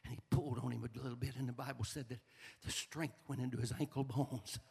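A middle-aged man, preaching a sermon in a folksy storytelling way that rises into shouted fervor. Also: mid-range voice, steady tone, fairly quick, creaky, slightly rough. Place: church sanctuary. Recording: long reverb of a large hall.

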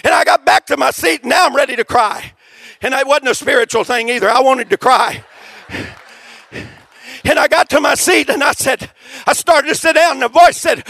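A male preacher giving a sermon testimony, telling his story in a folksy way that rises to shouting. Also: extremely high pitch, normal speed, creaky, no room sound.

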